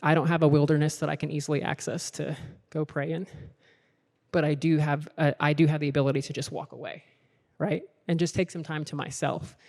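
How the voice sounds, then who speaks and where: A man's voice: a little high, little pitch movement, brisk, gravelly, a little mellow. A man giving an earnest sermon at a leadership event, repeating his invitations as the talk builds. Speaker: conference speaker. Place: large hall with a worship team. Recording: long hall reverb, faint music behind.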